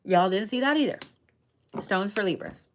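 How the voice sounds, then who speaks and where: A young adult woman gives a casual, chatty tarot and zodiac reading in a mid-range voice with lively intonation at a moderate pace. She's emphatic, swears casually, and keeps checking in with listeners by asking "okay?" A little hiss or hum sits under the recording.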